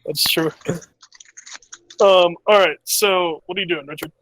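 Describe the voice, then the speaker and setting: A man's voice: sits high, steady tone, measured pace, a bit bright, a little hiss or hum, rough recording. A man playing a tabletop game over a video call, teasing, laughing often and swearing casually. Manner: laughs a lot, teasing, cusses. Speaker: player.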